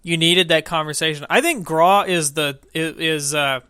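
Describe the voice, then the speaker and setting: A young man co-hosting a gaming podcast, telling a profane, animated story in casual chat. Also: a little high, moderate pace, clean tone, no room sound, studio quality. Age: young adult. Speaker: podcast co-host.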